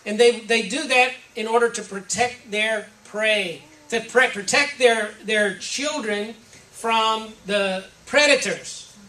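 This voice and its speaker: A woman's voice: on the high side, slow, pushed and bright. Woman preaching in an echoey hall. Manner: conversational, reflective, listing examples one by one. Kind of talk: sermon. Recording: roomy echo from a distant mic, faint ambience.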